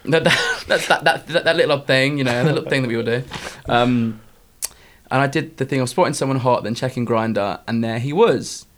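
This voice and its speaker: A young man co-hosting a casual podcast, reading out listener dilemmas with loud laughs and dramatic shrieks. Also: mid-range voice, brisk, a little hiss or hum. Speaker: podcast co-host.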